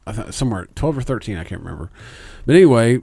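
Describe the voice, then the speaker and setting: A man's voice: mid-range voice, sing-song, very fast, gravelly, warm tone, husky, dry recording. A man, podcast co-host, telling a long story in casual chat, rambling and swearing a lot.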